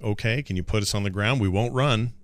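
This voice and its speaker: A man's voice: on the low side, fairly quick. A man playing a tabletop role-playing game, speaking in an easygoing, coaxing way. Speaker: player.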